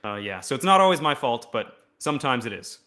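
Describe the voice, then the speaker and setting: A man's voice: medium pitch, sing-song, brisk, a bit bright. A man, an indie game developer, explaining his work in a casual podcast interview, self-deprecating.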